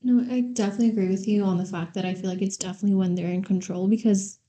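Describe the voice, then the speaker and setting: A woman co-hosting a talk podcast, telling a story in an animated, casual way and saying "y'all" and "like". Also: mid-range voice, very fast. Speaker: podcast co-host and trainer.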